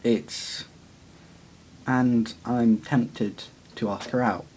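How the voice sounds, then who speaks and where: With a steady, darkish male voice at medium pitch, a teenage boy chats through a casual confessional vlog. He's awkward and pokes fun at himself, laughing frequently and wandering along with plenty of fillers and pauses.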